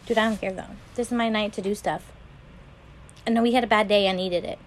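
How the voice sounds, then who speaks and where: A woman's voice: mid-range voice, steady tone, fairly quick, slight background noise. A woman co-hosting a casual podcast, talking bluntly and dismissively, with lots of swearing. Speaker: podcast co-host. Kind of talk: casual chat.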